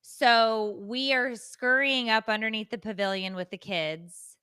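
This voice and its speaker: A woman co-hosting a podcast, retelling a story in a casual, animated, self-mocking way. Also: on the high side, a little slow, clean tone. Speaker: podcast co-host.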